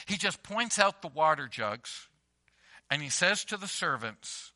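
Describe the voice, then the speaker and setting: With a sharp, sing-song voice on the high side, a man preaches a little slowly to his congregation in church. His sermon is emphatic and conversational, full of everyday stories and repeated phrases.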